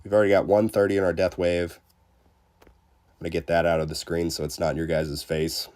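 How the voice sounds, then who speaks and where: A man's voice: low-pitched, brisk. A man streaming a game live, chatting casually with many fillers, greeting viewers and poking fun at himself. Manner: self-deprecating and excitable. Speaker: livestreamer. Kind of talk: casual live gameplay commentary.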